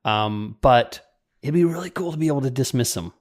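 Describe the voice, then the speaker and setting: A man co-hosting a podcast, chatting casually and explaining software tips step by step, quick to laugh. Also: mid-range voice, animated. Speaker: podcast co-host.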